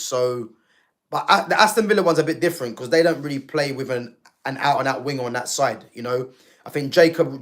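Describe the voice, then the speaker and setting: Picture a man hosting a casual football talk stream. He speaks in a mid-range voice and chats loosely with plenty of fillers, talking straight to his viewers. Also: medium pitch. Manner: conversational, frequent fillers and asides to viewers. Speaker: football channel host.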